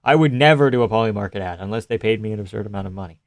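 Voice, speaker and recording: A man's voice: lowish voice, very fast, vocal fry, dry recording. Sardonic young man on a dry mic. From Canada. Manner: profane, sardonic, reads chat aloud. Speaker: livestream host. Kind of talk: casual chat.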